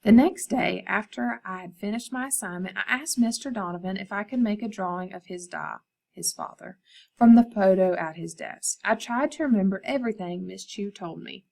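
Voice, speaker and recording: A woman art teacher reads a picture book aloud to her class. Her storytelling is expressive, and she often speaks to the students directly. Her voice has a gravelly edge. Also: mid-range voice, moderate pace.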